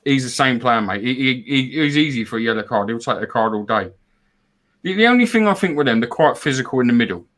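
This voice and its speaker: A man's voice: mid-range voice, expressive, fast, fairly bright tone. A man co-hosting a casual live fan stream, chatting about football and reading out donations. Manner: chatty, repeats words, reads out donors. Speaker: fan show co-host.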